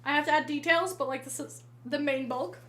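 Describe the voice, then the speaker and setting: A woman's voice: high voice, fairly quick, a bit bright, poor audio. A woman streaming while painting, telling a rambling story in casual chat and often correcting herself. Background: faint music.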